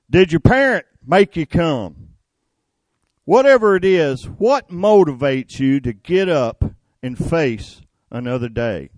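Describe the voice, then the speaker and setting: Older man, slow-talking homespun preacher, dry close sound. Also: a little high, darkish tone, no room sound. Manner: folksy, homespun preaching with rhetorical questions. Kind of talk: sermon.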